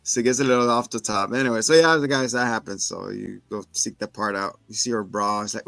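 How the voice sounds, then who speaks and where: A man casually recapping a film for a podcast, retelling scenes with quick voices for the characters. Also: on the low side, fairly even intonation, creaky, a bit bright, no echo. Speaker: podcast co-host. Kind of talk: casual movie review chat.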